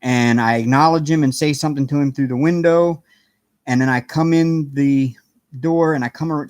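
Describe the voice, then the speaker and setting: A man's voice: mid-range voice, a little mellow, no room sound. A man hosting a casual live stream from his apartment, chatting in a rambling way and greeting viewers by name. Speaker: livestream host chatting with viewers. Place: home apartment.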